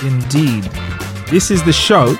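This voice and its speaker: A man's voice: a little high, expressive, slow, music in the background. A man co-hosting a podcast, trading sarcastic, teasing banter in casual chat. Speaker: podcast co-host.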